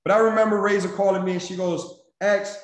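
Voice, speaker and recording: Energetic preachy guy hyping up his team, kinda high voice, echoey room. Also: quick pace. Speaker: senior vice president and sales mentor. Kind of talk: motivational speech.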